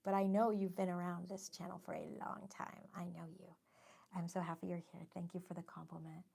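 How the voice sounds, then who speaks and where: Chatty woman with a gravelly low voice. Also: little pitch movement, fairly quick, dark tone. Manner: chatty, self-deprecating, reads viewer comments aloud. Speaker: livestream host and watercolor artist. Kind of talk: casual livestream chat while painting.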